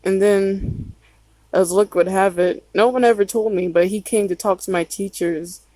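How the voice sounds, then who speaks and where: A woman's voice: medium pitch, steady tone, moderate pace, dark tone, no room sound, poor audio. Rambling, cussing woman telling a story. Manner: rambling, swears often, trails off. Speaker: vlogger. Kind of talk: casual storytime.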